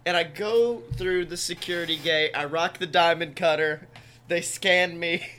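A man co-hosting a casual comedy podcast, sick, telling stories quickly with playful bits. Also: on the high side, slight background noise. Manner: loud playful announcer bits, quick storytelling. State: sick, congested. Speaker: podcast co-host.

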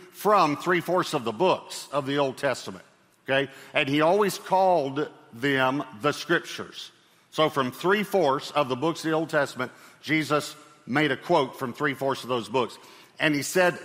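A man's voice: fairly high pitch, fairly bright tone. A man preaching a sermon as pastor, speaking in a conversational way with fillers and light humor. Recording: long hall reverb.

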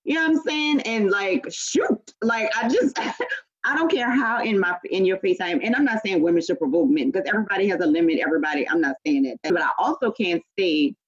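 A woman co-hosting a podcast in casual chat, talking in an animated, emphatic way. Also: mid-range voice, a little fast, husky, dull audio. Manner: animated, emphatic, lots of "you know what I'm saying". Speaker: podcast co-host.

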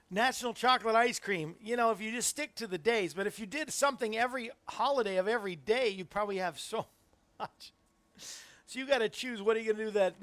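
A man's voice: high voice, a bit bright, dry recording. A middle-aged man hosting a Christian talk show, chatting casually and rambling as he talks to viewers in the chat. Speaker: host.

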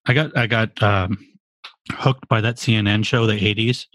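A man's voice: lowish voice, fairly even intonation, moderate pace, a bit bright, dry recording. A man in his forties in a casual podcast chat, rambling and profane with lots of fillers. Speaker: podcast co-host.

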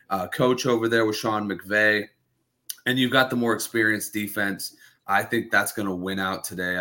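A male panelist giving measured, explanatory sports picks. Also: on the low side, bright, forceful tone. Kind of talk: casual sports analysis.

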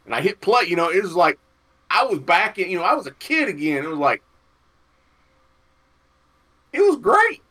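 A man co-hosting a podcast who tells stories in a folksy, animated way. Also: high voice, a little fast. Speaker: podcast co-host. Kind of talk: casual storytelling chat.

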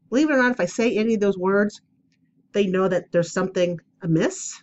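A woman's voice: mid-range voice, moderate pace, pauses often, lo-fi sound. A woman chatting casually at home for her vlog, rambling and self-deprecating as she tells stories before an oracle card reading. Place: at home, indoors.

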